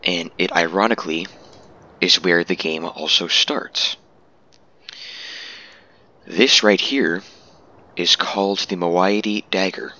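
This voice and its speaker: A man's voice: deep voice, steady tone, slow, pauses often, pushed and bright. A man giving casual, laid-back commentary over a game walkthrough, amused at himself at times, on a dull lo-fi mic.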